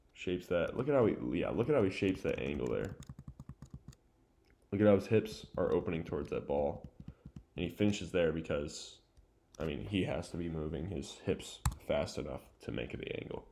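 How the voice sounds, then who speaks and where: Young guy going over game tape, low gravelly voice, chatty and rambling. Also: dark tone, a little hiss or hum. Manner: chatty, loose, full of fillers and asides. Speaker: volleyball film analyst. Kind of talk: casual play-by-play breakdown.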